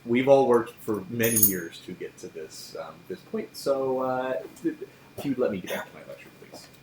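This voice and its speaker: A man's voice: mid-range voice, animated, moderate pace, a little mellow, slight background noise, close to an everyday voice. A man voicing a stern, intense male magic professor who talks curtly and formally, in an echoey room. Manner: curt, formal and impatient.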